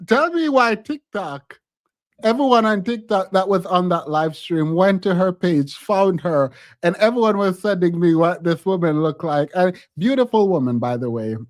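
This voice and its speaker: A man's voice: sits high, lively intonation, measured pace, no echo, clean studio sound. A man hosting a live stream, telling a story in a casual chat and laughing often. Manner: laughs often, talks animatedly.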